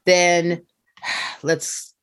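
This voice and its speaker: A woman, a comedian guest on a casual podcast, telling a story in an animated, profane way. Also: lowish voice, extremely slow, clean tone.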